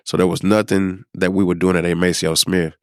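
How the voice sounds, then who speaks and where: A middle-aged man from South Dallas, a podcast guest telling a personal story in an unhurried, reflective way, with many pauses and fillers. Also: sits low, flat delivery, no echo, studio quality. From South Dallas, Texas. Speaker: podcast guest, former high school principal.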